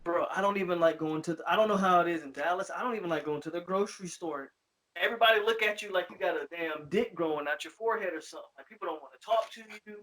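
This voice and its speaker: A man's voice: high voice, fast talker, a bit bright, poor audio. A man hosting a casual podcast, blunt and joking, swearing now and then. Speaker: podcast host. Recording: faint background noise.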